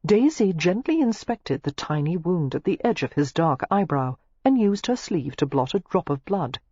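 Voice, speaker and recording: An audiobook narrator reading a novel aloud in an expressive, scripted style. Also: moderate pace, breathy edge, dry recording. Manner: expressive, shifting pitch through the narration. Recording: dull lo-fi dry recording.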